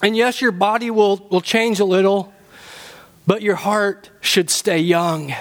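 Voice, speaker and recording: A pastor with a strikingly high voice preaches to his church at an unhurried pace. He's animated and funny, building up to emphatic points.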